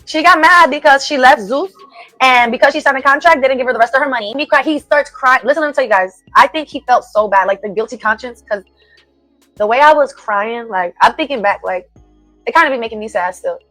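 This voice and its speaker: A woman's voice: high voice, fairly quick, sharp tone, dry recording, soft background music, low-quality recording. A woman venting angrily in casual speech, repeating herself and swearing as she tells her side. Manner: heated, repetitive, swears freely. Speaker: singer defending herself in a played clip. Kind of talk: angry venting rant.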